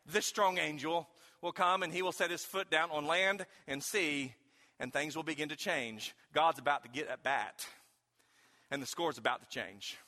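A pastor delivers a sermon in a high, bright voice, shifting between folksy storytelling and emphatic, shouted questions. A long reverb makes his voice ring out as though in a large hall.

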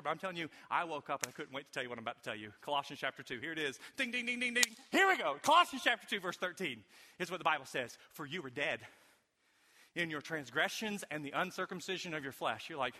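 A man preaching a sermon as pastor, swinging between loud emphatic lines and hushed, quiet ones. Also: fairly high pitch, big-room sound.

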